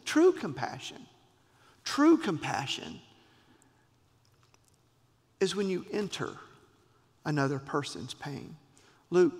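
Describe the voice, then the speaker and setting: A man preaching a sermon, expressive, with dramatic pauses and voiced quotes. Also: on the high side, vocal fry, big-room sound. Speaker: pastor.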